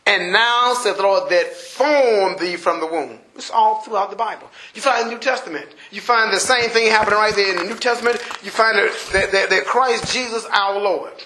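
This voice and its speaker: A man preaching a sermon, shouting emphatic lines and acting out everyday people in a lowered voice. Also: moderate pace, few pauses. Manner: impassioned, shouting emphatic preaching with rising bursts. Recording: roomy echo.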